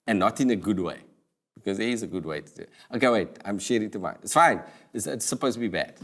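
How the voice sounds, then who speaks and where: A man hosting a comedy talk show, delivering a playful scripted monologue with sudden high exclamations. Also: expressive, fast, a bit bright.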